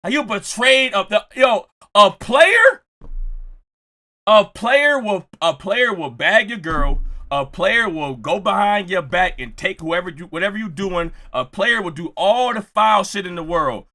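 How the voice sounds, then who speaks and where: A young man telling a story with jokes, acting out quotes and often shouting. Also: sits high, lively intonation, unhurried. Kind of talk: animated storytelling.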